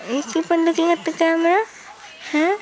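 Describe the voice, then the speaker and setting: A woman with a Filipino accent, speaking baby talk to an infant she is filming, gently coaxing and asking soft questions. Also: extremely high pitch, fairly even intonation, a little fast. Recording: home camcorder with background noise.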